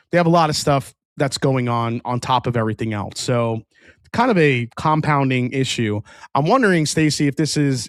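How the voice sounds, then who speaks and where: A man of middle pitch chats casually as he hosts a live review stream, rambling along and often restarting his sentences. The sound is dry and close, with no room around his voice. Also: dry recording. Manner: rambling, restarts often, reads chat aloud. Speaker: whiskey review livestream host. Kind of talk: casual livestream chat.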